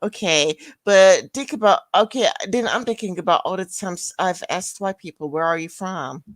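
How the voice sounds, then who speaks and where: A woman co-hosts a casual podcast, talking in a low voice. She rambles, leaning on "you know" and "like" as she hunts for her point. The recording is dry and close. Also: normal speed, dry recording. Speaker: podcast co-host. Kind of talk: casual chat.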